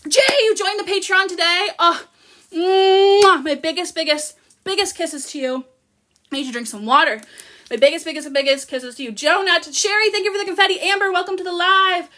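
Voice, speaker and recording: A woman's voice: very high-pitched, fairly quick, sharp tone. A Canadian woman in her thirties hosting a casual birthday livestream, bubbly and gushing as she thanks her viewers one by one. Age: 30s. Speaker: livestream host.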